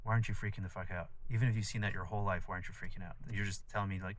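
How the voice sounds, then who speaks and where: A man's voice: fairly low pitch, racing, hardly any pauses, bright, forceful tone. A man talking in a casual, rambling monologue, blunt and profane, full of fillers. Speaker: vlogger.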